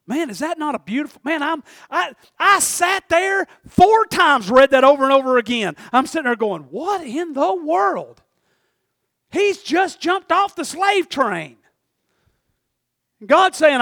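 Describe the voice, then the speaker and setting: High-voiced folksy preacher, dry sound. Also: male voice, measured pace, creaky, dry recording. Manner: folksy, animated preaching with big swings from hushed to shouting. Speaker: pastor. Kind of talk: sermon.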